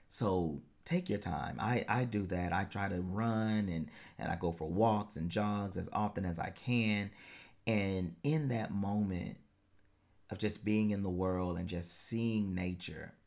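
A man's voice: low-pitched, darkish tone. A man hosting a solo podcast as a life coach, talking in an earnest, encouraging way and laughing easily.

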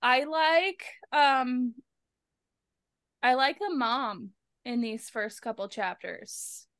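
A woman's voice: high voice, drawn-out words, fairly bright tone, clear, resonant tone, no echo, clean studio sound. A young woman chatting casually about a book, pointing out details she noticed. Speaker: podcast co-host. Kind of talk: casual book club chat.

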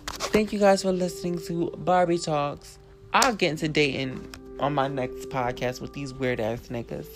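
A woman's voice: deep voice, fairly even intonation, normal speed. A young woman hosting her own podcast, telling a story in a blunt, profane, chatty way. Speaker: podcast host. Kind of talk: casual storytelling monologue. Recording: guitar music playing underneath. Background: guitar music.

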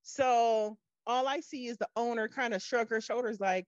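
A woman's voice: fairly high pitch, normal speed, dry recording, highs cut off. A woman co-hosting a podcast, telling a restaurant story in casual chat and acting out the people in it. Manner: animated storyteller, acts out quoted people. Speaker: podcast co-host.

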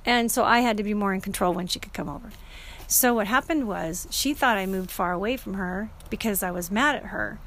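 A woman's voice: medium pitch, fairly quick, a bit bright, slight background noise. A middle-aged woman telling a personal story in a casual, earnest and emotional way, often restarting her sentences.

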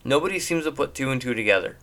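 Young man for a casual, rambling movie recap that gets animated at the funny bits. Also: medium pitch, fast. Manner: rambling, animated, laughs at jokes.

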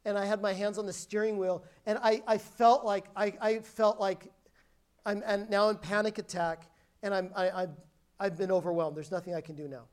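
A woman's voice: mid-range voice, steady tone, moderate pace, a little mellow. Woman preacher, mid-range voice, emphatic storytelling sermon, frequent restarts. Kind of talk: sermon with personal testimony.

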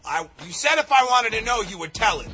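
High bright radio host dude, goofy and loud, music faint behind. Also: male voice, very animated, fairly quick. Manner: loud, joking, sing-song bursts. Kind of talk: casual radio banter.

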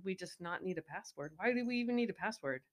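A woman in her forties with a Midwestern accent, co-hosting a podcast in casual chat, playful and quick to laugh. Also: medium pitch. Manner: laughs often, animated and playful. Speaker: podcast co-host. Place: recorded in Wichita, Kansas.

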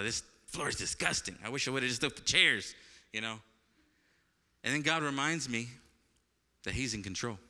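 A male pastor tells a personal story from the pulpit, acting out the voices of the people in it before dropping into hushed reverence. His voice is very bright and crisp. The sound carries the long echo of a church hall. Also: medium pitch. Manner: animated storytelling, acts out voices, laughs often, turns quiet and reverent. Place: church sanctuary.

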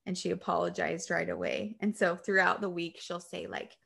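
Gravelly low-voiced woman podcast host. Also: very animated, normal speed, hardly any pauses, a bit bright. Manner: chatty storytelling with frequent fillers. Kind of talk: casual chat.

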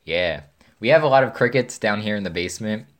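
A young woman in casual chat, quick and teasing, asking curious questions. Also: very deep voice, animated. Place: basement.

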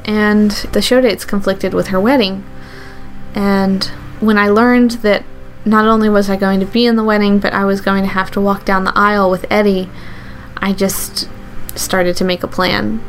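A woman telling a true personal story with an earnest, halting delivery. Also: mid-range voice. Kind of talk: first-person true story told to an audience.

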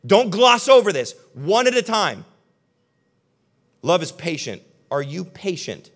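A young male pastor delivers a sermon to a live congregation, with a slightly higher voice for a man. His delivery is conversational and emphatic, and he addresses his listeners directly. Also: big pitch swings, a little slow. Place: church hall with a live audience.

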